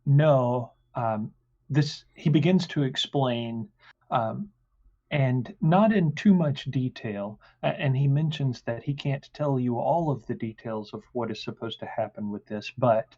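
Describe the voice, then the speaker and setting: Slow, halting male game master. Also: mid-range voice, darkish tone. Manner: halting, many fillers. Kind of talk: narrating a tabletop game. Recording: dull lo-fi sound.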